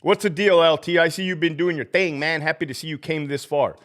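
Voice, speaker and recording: Brisk and fairly bright, his voice sits on the high side with mostly even intonation. He's a sick, feverish former prison officer running a casual livestream, swearing heavily, ranting, and laughing often while greeting viewers.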